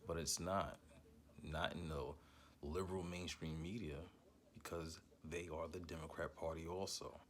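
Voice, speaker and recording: Deep-voiced man, heated commentary host, swears, stutters when he gets mad. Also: steady tone, normal speed, slight background noise. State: angry. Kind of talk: angry political commentary.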